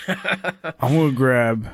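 A man's voice: mid-range voice, animated, extremely slow, no echo. A man playing a tabletop game, making blunt, playful moves. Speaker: player.

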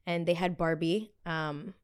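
A woman's voice: lowish voice, unhurried, clean tone. A young woman hosting a casual pop culture chat, rambling and chatty with sassy asides. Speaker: podcast host.

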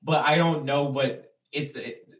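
A joking man co-hosts a podcast and laughs mid-sentence. His voice is mid-pitched and sounds roomy, as if he sits a little back from the mic. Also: a little slow, fairly bright tone. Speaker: podcast co-host. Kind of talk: casual chat. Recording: echoey, a bit far from the mic.

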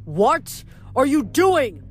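A woman's voice: mid-range voice, expressive, measured pace, soft background music, lightly acted. A woman voicing a bossy, menacing male automaton in wolf-head armor who barks his demands. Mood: commanding. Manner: barking, shouted demands.

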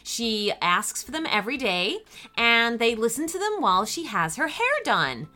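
A woman hosting a children's story podcast, telling the story in an animated storyteller's manner. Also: fairly high pitch, normal speed.

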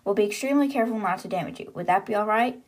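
A curious, polite teenage girl exploring an old submarine, voiced by a woman in her own register. She asks questions carefully and courteously. The pitch is ordinary and mid-range. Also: rapid-fire, natural voice.

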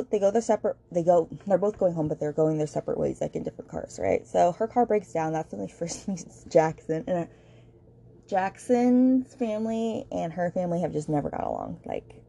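Woman, low voice, gravelly fry, mellow tone, chatty gossipy book recap, podcast host. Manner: chatty and gossipy, heavy filler words, addresses listeners directly. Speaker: podcast host reviewing books.

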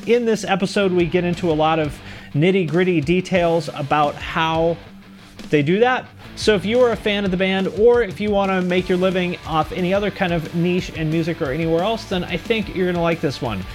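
A man hosting a podcast, talking in a casual, energetic way as he introduces the episode and its sponsors. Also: high-pitched, a little fast, faint music behind. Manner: energetic, conversational, promotional read. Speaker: podcast host.

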